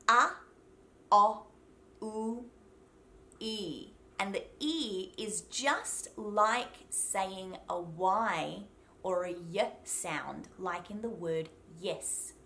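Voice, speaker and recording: Young Australian woman, animated and chatty accent coach, faint background noise. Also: on the low side. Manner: lively, chatty and encouraging, laughs often. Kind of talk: accent tutorial to camera.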